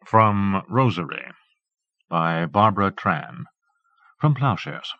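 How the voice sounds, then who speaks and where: A man with a fairly low voice reads an audiobook in a calm, measured literary manner. The sound is dry and close, with no room around it. The dull, lo-fi tone of an old cassette transfer hangs over every word. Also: dry recording. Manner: measured, even literary reading. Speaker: audiobook narrator. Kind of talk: scripted audiobook narration.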